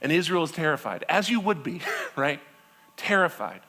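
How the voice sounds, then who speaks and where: Casting: male pastor, 30s, storytelling sermon, bright voice, slightly high, chatty asides. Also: normal speed. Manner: animated storytelling, acting out quoted voices; conversational with frequent "right?" and laughs.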